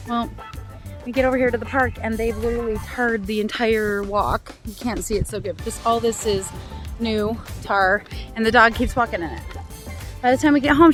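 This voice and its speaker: A woman in her fifties chats through her daily vlog with animated, rambling storytelling. Her voice sits a little high for a woman, and faint music plays underneath. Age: 50s. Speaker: vlogger. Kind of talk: casual chatty vlog.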